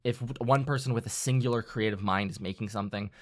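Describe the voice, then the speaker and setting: A man hosting a casual podcast chat about running a tabletop game, excitable and animated, often acting out quotes. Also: lowish voice, fast talker. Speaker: dungeon master and podcast host.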